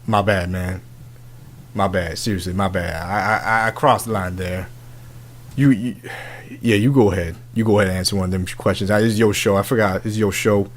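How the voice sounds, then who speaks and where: A man's voice: low voice, fairly even intonation, a little fast, a little hiss or hum, voice pushed down, lightly acted. A man voicing a brash, foul-mouthed love doctor who talks in crude, swaggering slang in a comedy bit. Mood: apologetic. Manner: crude, swaggering, profane street talk.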